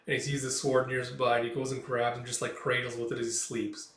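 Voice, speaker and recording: A man's voice: mid-range voice, level tone, brisk, fairly bright tone, far from the mic. Guy chatting through a comic page by page, says like a lot, mid voice, roomy off-mic sound. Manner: rambling, lots of "like". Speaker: comic reviewer. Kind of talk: casual comic read-through commentary.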